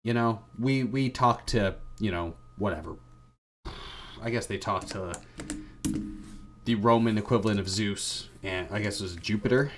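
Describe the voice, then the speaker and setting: A man's voice: lowish voice, normal speed, pauses often, a little hiss or hum. A man hosting a podcast, giving a rambling, irreverent comedic retelling full of slang. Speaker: podcast host.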